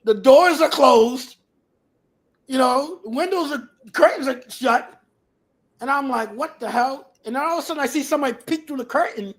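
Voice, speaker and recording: A man in his fifties with a high voice tells a long story as a guest on an interview show. He is animated, peppers his talk with "you know" and drops lower to act out the people in his tales. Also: moderate pace. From New Bedford, Massachusetts area.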